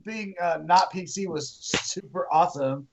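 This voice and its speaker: A man's voice: high-pitched, measured pace, slight background noise. A man joking in a self-deprecating way as a guest in casual podcast chat.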